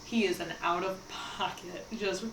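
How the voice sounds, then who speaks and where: A young woman guest talking casually about comedy, relaxed, with fillers as she lists names. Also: on the low side, unhurried, distant mic. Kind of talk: casual chat. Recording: echoey room with noise.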